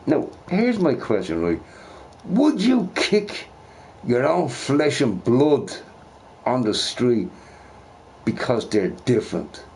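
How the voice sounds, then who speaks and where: Guy ranting to camera, swears a ton, keeps going "right?", voice jumps all over, slow deliberate delivery. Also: mid-range voice, slight background noise. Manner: animated, swears a lot, keeps asking "right?". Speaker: vlogger. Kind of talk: casual ranting monologue.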